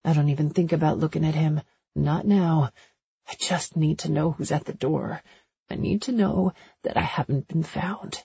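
Woman narrator for a first-person romance audiobook; raspy, gravelly, breathy and intimate, dull lo-fi sound. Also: low voice, normal speed, warm tone, no echo.

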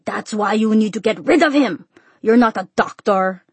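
A woman's voice: medium pitch, normal speed, husky, no echo, close to an everyday voice. A woman voicing a bellowing grumpy old father. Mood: angry. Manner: shouting, broken English. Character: gruff shouting old father, bad-tempered.

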